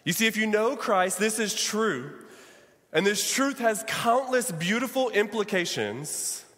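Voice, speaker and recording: Male pastor, high voice, preaching in a church hall with long reverb. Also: lively intonation, a little slow, fairly bright tone. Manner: preaching with call-and-response to the congregation. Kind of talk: sermon.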